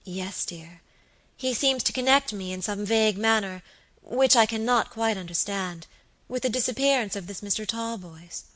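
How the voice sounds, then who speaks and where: A woman reading the part of a sweet but secretive young lady who speaks softly and coaxingly. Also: mid-range voice, moderate pace, natural voice. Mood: whispering. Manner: soft, coaxing, at times whispered. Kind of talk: audiobook character reading.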